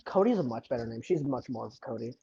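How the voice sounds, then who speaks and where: A young man chats on a home podcast, cracking jokes and swearing offhandedly between bites of food. His voice sits at a middling pitch, and the recording sounds dull and lo-fi. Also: expressive, fast talker, gravelly, dark tone, breathy edge. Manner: joking, eats while talking, swears casually. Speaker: podcast co-host. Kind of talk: casual chat.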